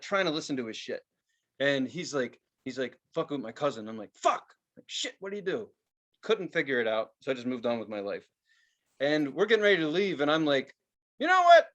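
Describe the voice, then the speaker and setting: A young adult man co-hosting a podcast, telling stories in casual chat with lots of cursing and acted-out quotes. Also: a little high. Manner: profane, animated storytelling with voiced quotes. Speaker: podcast co-host.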